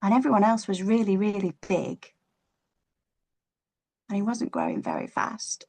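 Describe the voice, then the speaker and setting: A woman storyteller telling a children's story to an audience, expressive and playful, stretching out words. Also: mid-range voice, moderate pace, creaky, breathy edge.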